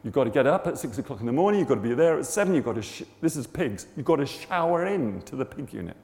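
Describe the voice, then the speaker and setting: Preacher, lively storyteller with a gravelly voice, long echo of a hall. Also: male voice, mid-range voice, fast. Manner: animated, acts out the people in his story. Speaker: preacher telling a testimony. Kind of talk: sermon storytelling.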